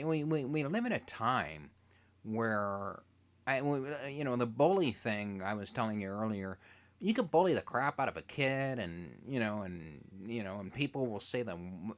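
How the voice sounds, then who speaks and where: Stammering, joking man hosting an interview. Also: fairly low pitch. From Toronto, Canada. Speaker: interview host. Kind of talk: casual chat.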